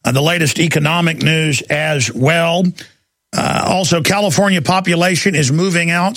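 On his political talk radio show, this forties-aged Texan rants and spins intense, rambling stories with plenty of emphasis. His voice runs on the high side with a fairly bright tone, in a dry studio recording with faint music underneath.

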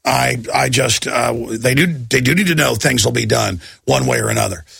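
A man's voice: mid-range voice, normal speed, creaky, a bit bright, breathy edge, no room sound, clean studio sound, pitched below the performer's own voice, full character voice. A man voicing a flustered middle-aged male official caught out, stammering and mumbling.

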